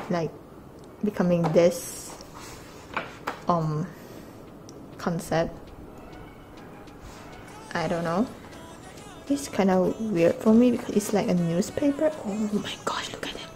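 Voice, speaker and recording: A young woman from Malaysia chatting excitedly while unboxing albums in her vlog, gasping often and dropping into breathy whispers. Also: mid-range voice, low-quality recording. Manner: gushing, gasping, with frequent breathy exclamations. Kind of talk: casual excited unboxing chat.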